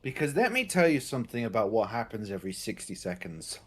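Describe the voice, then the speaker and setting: A man's voice: fairly low pitch, very animated, fast talker, husky. Man trading jokes over voice chat. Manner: jokey, teasing banter. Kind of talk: casual gaming chat.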